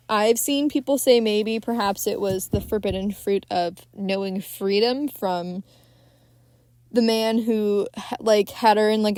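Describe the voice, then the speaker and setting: A woman's voice: mid-range voice, darkish tone, dry recording. A young woman hosting a podcast, recapping a film in a rambling, casual way with lots of fillers and swearing. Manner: rambling, many fillers, swears freely, frequent laughs. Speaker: podcast host.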